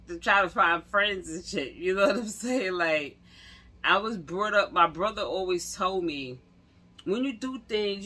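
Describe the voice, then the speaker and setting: A woman tells stories straight to camera in loose street slang. Her tone is bright and edgy, and she laughs and acts out the people in her stories as she goes. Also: lowish voice. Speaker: vlogger. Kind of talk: casual storytelling to camera.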